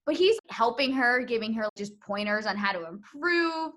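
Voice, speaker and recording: A woman's voice: a little high, moderate pace. A young woman chatting casually on a podcast, telling a story with lots of laughter and acted-out quotes. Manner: animated storytelling, laughing often, acts out quotes. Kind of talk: casual chat.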